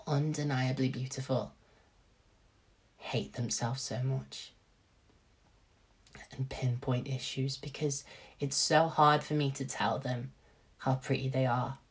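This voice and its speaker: A man's voice: medium pitch, breathy edge. A young man hosting a casual solo podcast, talking animatedly, swearing freely and acting out what his friends would say. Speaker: podcast host.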